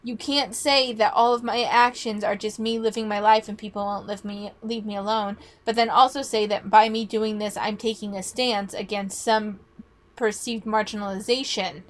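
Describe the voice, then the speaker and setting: A woman giving casual reaction commentary on a podcast, talking bluntly and argumentatively, swearing freely, her voice starting to go hoarse. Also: medium pitch, steady tone, normal speed.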